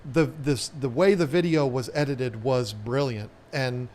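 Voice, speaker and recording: A man's voice: mid-range voice, unhurried, a little mellow. A middle-aged man co-hosting a casual live stream with his wife, joking and rambling. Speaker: co-host.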